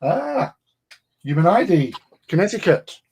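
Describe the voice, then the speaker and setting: A man's voice: high voice, big pitch swings, unhurried, a little mellow, slight background noise. Chatty English man with many fillers. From England. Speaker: livestream host. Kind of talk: casual chat.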